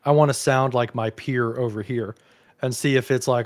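A man's voice: mid-range voice, steady tone, normal speed. A man co-hosting a casual tech discussion, thinking aloud with hedges and restarts. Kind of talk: casual explanatory chat.

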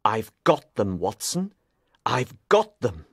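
A man playing a sharp, determined detective in an audiobook, speaking clearly and deliberately. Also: mid-range voice, big pitch swings, no room sound, studio quality. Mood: explaining. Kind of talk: audiobook reading.

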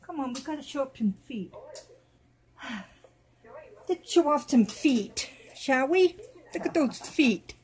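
A woman hosting a casual vlog at home, talking to viewers and cooing softly to her dolls. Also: sits high, lively intonation, slow pace, long pauses. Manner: doting, soft baby talk to her dolls. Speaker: doll channel host.

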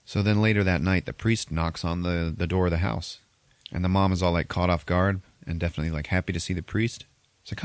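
A man's voice: low voice, fairly even intonation, clean tone, dry recording. A man casually retelling a film's plot on a podcast, swearing freely and laughing as he briefly acts out the characters' lines. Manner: profane, laughing, acts out characters in quick bits. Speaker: podcast host. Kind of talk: casual movie recap.

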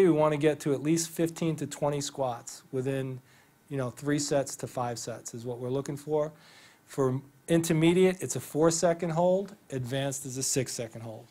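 A man's voice: on the high side, a little mellow. A man presenting a physical therapy training to an audience in a theater, conversational and enthusiastic, telling stories with quoted dialogue. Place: theater stage.

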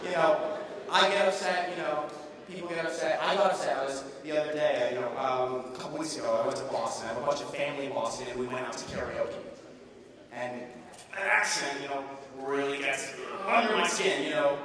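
A teenage boy performing a rambling, animated, self-mocking stand-up routine as a student comedian on a school stage. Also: medium pitch, brisk, a crowd in the background. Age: teens. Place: large school auditorium stage. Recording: roomy echo from far off, audience ambience.

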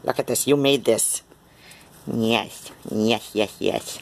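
A man at home filming his cats, talking to them in a soft sing-song baby talk. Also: fairly low pitch, slow, vocal fry, a little hiss or hum. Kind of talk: casual cooing talk to pets. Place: home indoors. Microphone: handheld camera.

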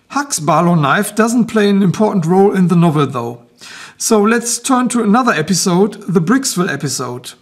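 A man with a German accent, hosting a knife review video in measured, explanatory scripted narration that turns into a literary talk. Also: high voice.

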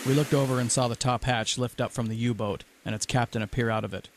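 A man podcast host narrating a first-person adventure story in a steady way, with music playing underneath. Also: mid-range voice, fast talker, few pauses, slight background noise.

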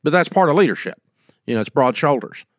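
A man's voice: a little high, expressive, quick pace, no room sound, studio quality. A middle-aged man, hosting and giving business advice in a casual, folksy, emphatic way. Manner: folksy, emphatic, acts out quoted scenes.

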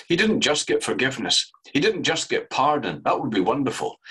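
A man preaching a sermon, earnest, swinging from fervent raised emphasis down to low, slow, solemn phrases. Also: pushed and bright, slightly rough, rough recording.

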